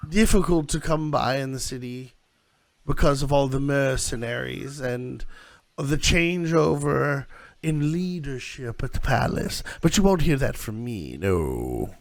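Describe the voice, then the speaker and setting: A fawning merchant who sells fine dresses in a fantasy tabletop game, as the game master plays him. He talks slowly and haltingly, with a gravelly texture, and leans in to share gossip. His pitch rises and falls freely. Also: no room sound, heavily acted. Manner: fawning, hesitant, confiding. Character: nervous, gossipy male dress shop owner.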